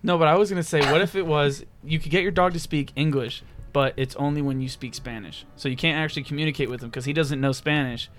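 A young man co-hosting a casual podcast, playful and quick to laugh while spinning scenarios. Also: a little high, faint music behind. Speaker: podcast co-host. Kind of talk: casual chat.

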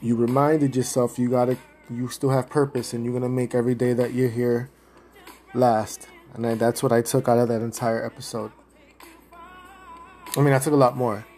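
A Puerto Rican man hosting a podcast, talking casually and from the heart, rambling at times as he gives shout-outs. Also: mid-range voice, level tone, normal speed, faint music behind. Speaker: podcast host.

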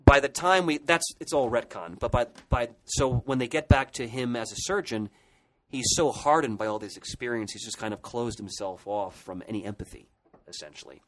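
A man's voice: mid-range voice, brisk, fairly bright tone, slight background noise, low-quality recording. A man co-hosting a podcast, retelling comic book history in an enthusiastic, rambling way with many restarts. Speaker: podcast co-host. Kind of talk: casual podcast discussion.

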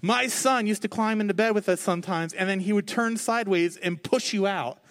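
High-pitched guy pastor, thirties, casual sermon, jokes at himself. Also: a little fast, fairly bright tone. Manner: conversational, self-mocking, acts out quoted voices.

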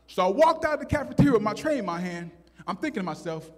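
Man telling a stand-up story, high voice, husky, animated, hall echo. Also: quick pace. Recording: hall with long reverb.

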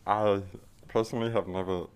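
A man's voice: fairly low pitch, fairly even intonation, fairly quick, clean tone, natural voice. A man playing a formal, overly polite young football center with an odd, prim voice. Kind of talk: comedy sketch acting.

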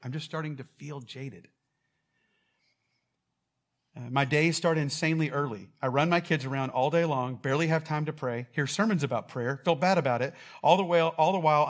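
A man giving a casual, quick-talking sermon as pastor, joking with and quizzing a live church audience. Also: mid-range voice.

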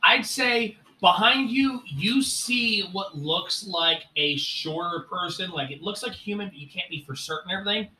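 A man with a high, piercingly bright voice runs a tabletop game as game master. He talks loosely, with plenty of fillers and the odd curse. The sound is roomy and echoey, with a faint noise underneath. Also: moderate pace, hardly any pauses, far from the mic. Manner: casual, swearing, filler-heavy narration.

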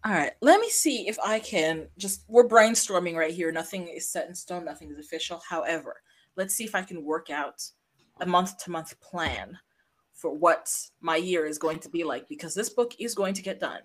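A woman's voice: on the low side, expressive, normal speed. A woman co-hosting a casual podcast from her home office, chatty and self-mocking, often restarting her sentences. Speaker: podcast co-host. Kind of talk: casual chat.

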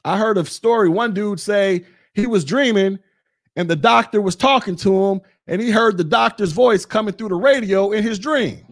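A man's voice: sits high, moderate pace. A man in his forties hosting a podcast, ranting bluntly with mocking, profane talk. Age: 40s. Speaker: podcast host. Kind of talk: casual rant.

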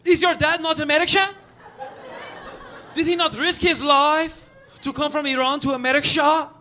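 A man's voice: extremely high pitch, steady tone, moderate pace, pushed and bright, slight background noise, pitched above the performer's own voice. A man voicing a pushy male audience member who makes indignant demands in a raised voice.

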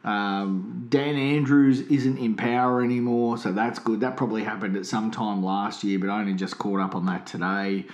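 Deadpan man joking on a podcast. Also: on the low side, normal speed, few pauses, roomy sound. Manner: deadpan, absurd jokes. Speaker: podcast co-host. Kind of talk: casual comedic banter.

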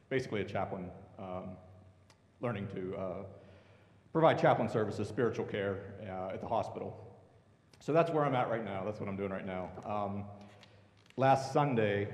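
A man, a seminary student working as a hospital chaplain, giving a halting personal testimony with many fillers on a church stage. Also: fairly low pitch. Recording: echoey church hall with soft music.

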